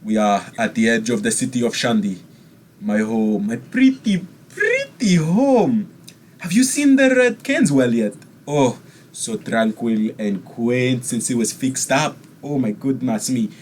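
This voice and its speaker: A man's voice: medium pitch, big pitch swings, measured pace, darkish tone, a little hiss or hum. A man playing an eccentric Firbolg lord. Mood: gushing. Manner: theatrical, flamboyant and gushing.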